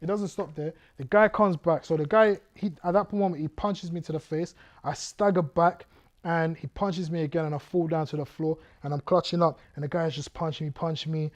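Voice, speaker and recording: A man's voice: fairly high pitch, fairly even intonation, a little fast, highs cut off. A man, a guest speaker vividly telling his life story to an audience, acting out scenes and drawing the listeners in. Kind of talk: testimony storytelling to a youth audience.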